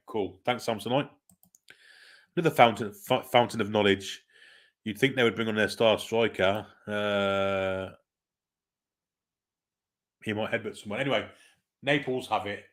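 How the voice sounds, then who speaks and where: A man's voice: fairly low pitch, fairly bright tone. A man hosting a live football watchalong, giving casual play-by-play, swearing freely and reading out viewer comments. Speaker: host of a football watchalong stream.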